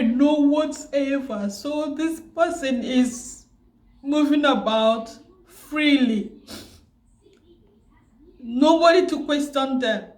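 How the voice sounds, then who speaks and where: A tearful, grieving woman who keeps repeating herself and pausing, vlogging about her loss. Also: on the high side, roomy sound. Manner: grieving, repetitive, pausing often. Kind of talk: emotional personal vlog.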